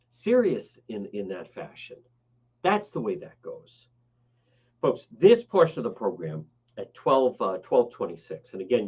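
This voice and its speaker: Man, radio talk host, blunt, sarcastic, scolding, lively swinging pitch, muffled broadcast sound. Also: slightly rough. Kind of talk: combative talk radio monologue. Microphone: studio broadcast mic.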